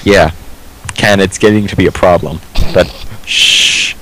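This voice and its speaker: Low-voiced joking man. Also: normal speed, slight background noise, poor audio. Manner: joking, crude banter. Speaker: co-commentator. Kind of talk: casual gaming chat.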